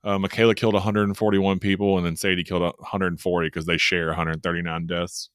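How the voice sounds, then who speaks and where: Low-ish guy rambling and laughing thru a chat recap, dry close sound. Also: flat delivery, quick pace, clean tone, dry recording. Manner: rambling, amused, laughs often. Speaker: podcast co-host. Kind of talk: casual chat recapping a horror film.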